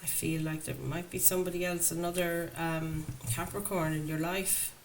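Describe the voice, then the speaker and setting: In a lowish voice with fairly even intonation, a tarot reader talks to her viewers at a moderate pace. She's chatty and enthusiastic, laughing often. The recording is rough, and faint background noise can be heard.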